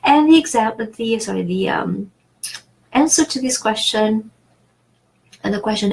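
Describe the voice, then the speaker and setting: A woman's voice: fairly high pitch, lively intonation, measured pace, vocal fry, pauses often, darkish tone, low-quality recording. A woman teaching a French lesson in English, explaining patiently with many fillers and restarts. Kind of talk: online language lesson.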